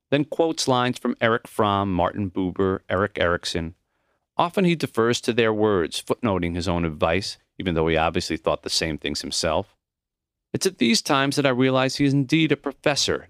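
A man narrating his own memoir in an audiobook, reflective and intimate. His voice sits fairly low but moves through an animated range of pitch. The recording is dry and close, with no room sound. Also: no echo. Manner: reflective, intimate first-person storytelling. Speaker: author reading his own book.

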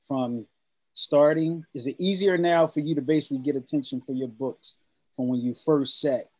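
A man hosting a casual interview, asking questions in a relaxed, conversational way. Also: on the high side, moderate pace. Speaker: interview host.

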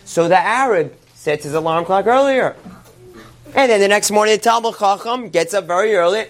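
Animated storytelling male rabbi. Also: high voice. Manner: animated retelling, quick asides. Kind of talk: storytelling sermon.

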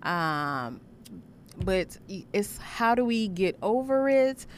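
A woman's voice: mid-range voice, big pitch swings, takes it slowly, slight background noise. A woman co-hosting a casual live-stream chat, chatty and giggly, swearing casually. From Haitian household. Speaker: co-host.

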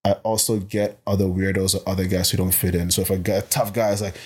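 A young man from Botswana, a personal trainer, talking as a guest in a casual interview, emphatic and animated and often repeating words as he thinks. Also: low voice, fast talker, husky.

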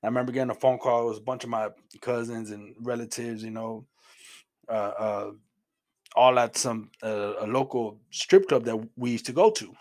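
A man's voice: mid-range voice, normal speed. A middle-aged man from Houston, earnest and plain-spoken, sharing his Christian testimony as a personal story. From Houston, Texas. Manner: earnest, plain-spoken, repeats words as he goes.

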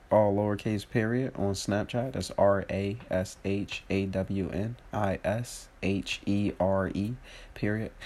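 A comedian from New Jersey, congested and sick, hosting a casual solo podcast, swearing freely, mocking himself and laughing often. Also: male voice, lowish voice, a little mellow. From New Jersey, USA.

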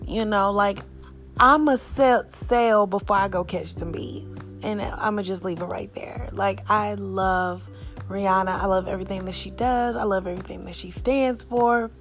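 A young adult woman giving a blunt, profane, animated opinion rant to her viewers. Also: medium pitch, a little slow, faint music behind. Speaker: vlogger.

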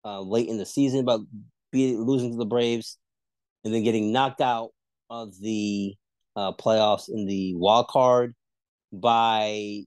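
A man co-hosting a casual sports podcast, debating rivalries and jumping high in pitch when he argues. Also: no room sound. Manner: animated, pitch jumps high when arguing.

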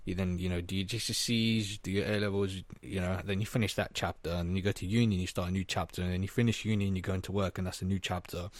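A man's voice: sits low, steady tone, fast, few pauses, no room sound. A man co-hosting a podcast, casual and reflective, talking things through step by step. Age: 20s. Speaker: podcast co-host. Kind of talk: casual chat.

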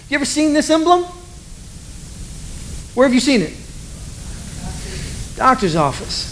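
High-voiced animated male preacher. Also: measured pace, long pauses, slight background noise, low-quality recording. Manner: animated storytelling, acts out voices of people in the story. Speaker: pastor. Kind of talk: sermon.

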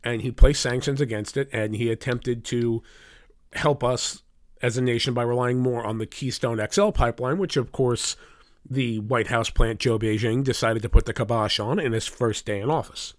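A man's voice: medium pitch, normal speed, dry recording, clean studio sound. A man delivering a combative, profane political opinion rant with heavy sarcasm. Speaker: political commentator.

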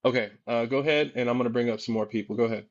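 A man hosting a live social media discussion, asking probing questions in a calm, reassuring way. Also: medium pitch, rapid-fire. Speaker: host. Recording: dull lo-fi audio.

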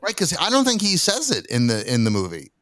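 A man's voice: fairly high pitch, a little fast, dry recording, clean studio sound. A man telling stories in a casual podcast chat and acting out quotes along the way. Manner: animated storyteller, acts out quotes. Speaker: podcast guest.

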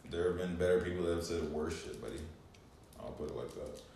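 A man co-hosting a podcast in casual chat, laid-back and halting, swearing freely. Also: sits low, vocal fry, a little mellow, far from the mic. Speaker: podcast co-host. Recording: very echoey room, away from the mic, faint background hum.

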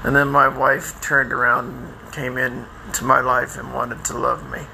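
An older man talks in a loose, halting monologue full of fillers and restarts. His voice is gravelly and sharply bright, with some faint noise in the background. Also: mid-range voice, level tone, low-quality recording. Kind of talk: personal monologue. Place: outdoors by a house, lawnmower nearby.

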